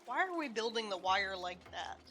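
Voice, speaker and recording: A woman's voice: medium pitch, sing-song, moderate pace, sharp tone, faint music behind. A woman streamer giving casual gameplay commentary, chatty and muttering to herself with casual swearing.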